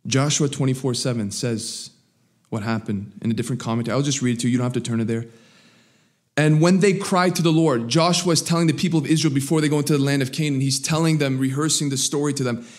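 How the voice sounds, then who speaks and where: A man preaching a sermon, swinging between raised, emphatic lines and low, quiet asides. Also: fast. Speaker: pastor.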